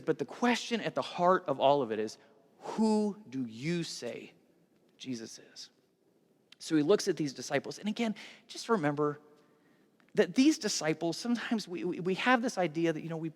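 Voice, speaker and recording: A middle-aged man, a pastor, delivering a conversational, animated sermon, often restarting his sentences. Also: on the high side, in a large hall.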